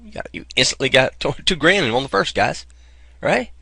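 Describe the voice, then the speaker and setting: Chatty man, animated vlog. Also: medium pitch, normal speed, vocal fry, slightly rough, no room sound. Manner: chatty, keeps saying "guys" and "man". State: getting over a cold, coughs. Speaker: vlogger promoting an online income program. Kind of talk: rambling casual vlog talk. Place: outdoors.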